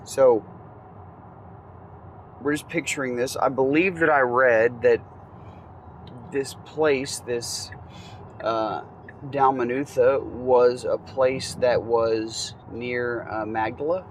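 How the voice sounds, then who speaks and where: Male Bible teacher, conversational and unhurried, recorded outdoors with faint traffic behind. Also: mid-range voice, poor audio. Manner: relaxed, conversational, many ums and asides. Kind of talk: casual Bible reading and commentary.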